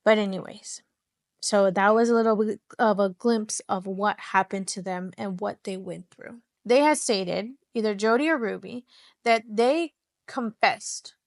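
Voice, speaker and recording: A woman's voice: mid-range voice, a little slow, no echo, studio quality. A woman hosting a podcast, retelling a true-crime case in casual chat, rambling with lots of restarts and fillers. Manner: chatty, rambling, full of "like" and restarts. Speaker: podcast host.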